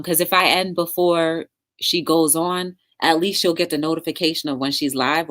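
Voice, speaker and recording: A woman's voice: deep voice, fairly bright tone. A woman hosting a casual livestream talk show, chatting with viewers in the live chat and encouraging them.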